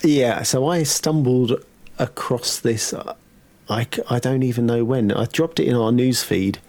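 Male podcast co-host, gravelly voice with vocal fry, casual and reactive. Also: medium pitch, a little mellow. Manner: reactive, quick exclamations. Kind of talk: casual gaming news chat.

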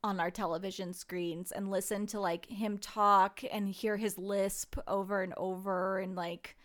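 A woman's voice: mid-range voice, level tone, unhurried. A young woman co-hosting a casual recap chat, blunt and swearing, laughing often as she recounts events. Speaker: podcast co-host.

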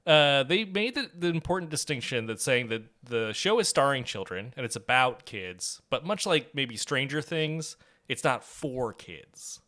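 A man co-hosting a podcast in casual chat, quick and given to laughing as he talks. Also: mid-range voice, big pitch swings, pushed and bright. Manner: quick, laughs often, trails off. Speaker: podcast co-host.

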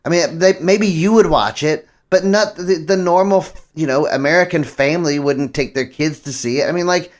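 Teasing man with a slightly high voice. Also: moderate pace, few pauses. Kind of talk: casual chat.

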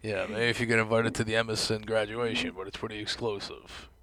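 A man's voice: lowish voice, level tone, a little fast, a crowd in the background. A man co-hosting a podcast with a dry, teasing manner in crude casual banter. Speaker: podcast co-host.

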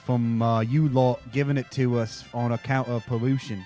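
A man's voice: medium pitch, level tone, normal speed, warm tone, soft background music, lightly acted. A man voicing a crude, boastful British pub bloke in a put-on British accent, stumbling and repeating words. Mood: blustering. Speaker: podcast co-host.

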